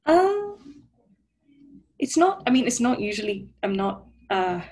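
A woman's voice: a little high, big pitch swings, unhurried, a little mellow, husky. A woman playing her character in a tabletop game, speaking in a hesitant, stammering way. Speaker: player.

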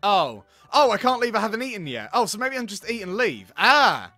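A man's voice: sits high, sing-song, a little fast, bright, forceful tone, dry recording, faint music behind. A young man giving let's play commentary, rambling and hesitating as he talks to himself. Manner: rambling, hesitant, self-talking. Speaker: gaming YouTuber.

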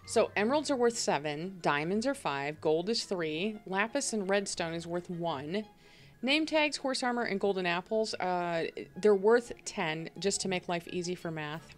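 A woman's voice: lowish voice, animated, a little slow, faint music behind. A woman hosting a multiplayer game session over voice chat, explaining the rules at length with fillers. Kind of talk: casual gaming chat over voice call.

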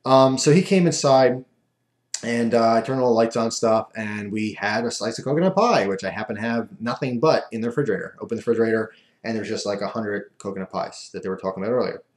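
A man with a fairly low voice rambles through a loose, self-amused story in a casual vlog. His words ring around an echoey room. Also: fast talker. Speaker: vlogger.

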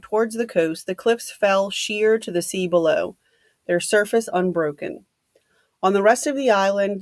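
Woman teacher, reading aloud, mid pitch, steady, dry close sound. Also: no echo. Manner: plain, steady reading with brief instructions. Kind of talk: reading a novel aloud to students.

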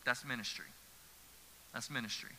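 A man's voice: medium pitch, moderate pace, sharp tone, a little hiss or hum. A man, a pastor preaching an earnest sermon with emphatic repetition. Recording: church hall reverb.

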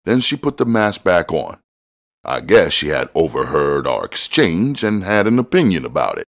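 Low-voiced guy reading a novel out loud, real animated ups n downs, first person storytelling. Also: moderate pace. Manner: expressive storytelling with casual swearing. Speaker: audiobook reader.

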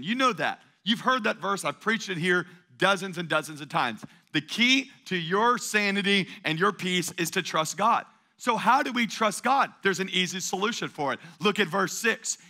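A man's voice: sits high, sharp tone. A middle-aged male pastor preaching a sermon to a church congregation, repeating phrases and calling for the crowd to answer back. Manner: call-and-response preaching, repeats phrases for emphasis. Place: church sanctuary, before a congregation.

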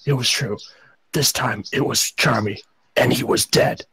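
A man's voice: medium pitch, measured pace, a bit bright, husky, dry recording. Man narrating a comic fan story. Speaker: narrator and reader. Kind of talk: comedic fan story reading.

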